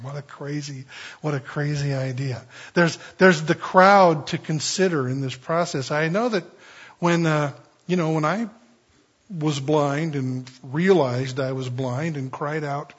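A man preaching in a loose, rambling way, full of fillers and restarts. His voice sits a little high and sounds husky. The recording is dull and lo-fi. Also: unhurried. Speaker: pastor. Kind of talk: sermon.

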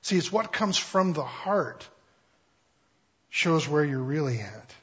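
A man's voice: on the high side, big pitch swings, takes it slowly, a bit bright, husky. A man preaching a conversational Bible-teaching sermon in a casual, humorous way, with lots of fillers. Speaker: pastor. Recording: dull lo-fi recording.

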